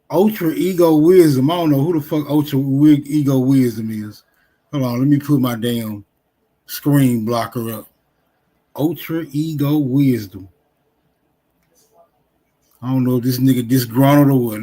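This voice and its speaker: A man's voice: medium pitch, a little slow, long pauses, dark tone, breathy edge. Loose, profane livestream host man. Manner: loose, profane, teasing banter. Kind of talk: casual livestream chat.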